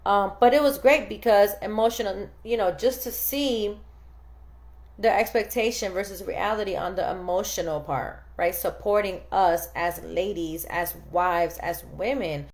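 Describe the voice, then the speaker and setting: Animated woman in her thirties telling stories. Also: medium pitch, a little slow. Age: 30s. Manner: animated storytelling, acts out quoted dialogue. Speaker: podcast host. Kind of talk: casual chat.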